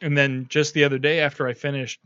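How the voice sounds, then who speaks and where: A man's voice: a little high, level tone, quick pace, a bit bright, clean tone, no room sound, muffled recording. A man hosting a podcast in loose, rambling talk, cursing freely and padding his speech with fillers. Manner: rambling, profane, lots of fillers. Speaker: podcast host. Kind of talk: casual podcast chat.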